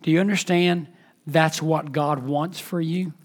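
High-voiced man preaching with emphasis. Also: steady tone, a little slow. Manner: emphatic preaching, swings between loud and hushed. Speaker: pastor. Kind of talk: sermon.

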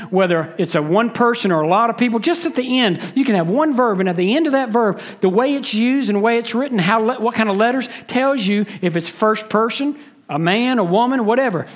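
A pastor preaching a sermon, stressing words by repeating them and switching between quick and slow delivery. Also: very high voice.

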